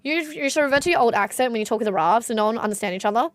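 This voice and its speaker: A woman's voice: on the high side, animated, very fast, no room sound. A young Australian woman with an Australian accent, chatting casually with her live-stream audience, laughing often. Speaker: livestreamer.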